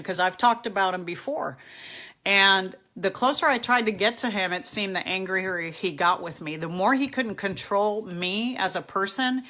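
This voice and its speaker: A woman's voice: mid-range voice, a bit bright. A middle-aged woman hosting a live advice stream, reading out viewer questions and answering them candidly and directly.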